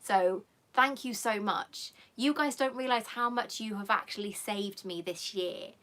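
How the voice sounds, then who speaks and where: Woman, live stream host, bright forceful voice, chatty, affectionate, rambling. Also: mid-range voice, unhurried. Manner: emotional, near tears. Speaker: channel host. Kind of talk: live stream chat with viewers.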